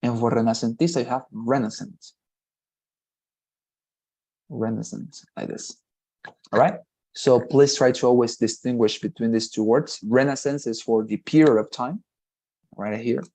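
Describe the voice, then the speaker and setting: A man teaches an English lesson, going through the grammar one step at a time. His voice is dark and mellow, and he keeps asking "right?" to check his students are following. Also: mid-range voice, fairly even intonation, normal speed. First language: Spanish. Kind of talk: online class explanation.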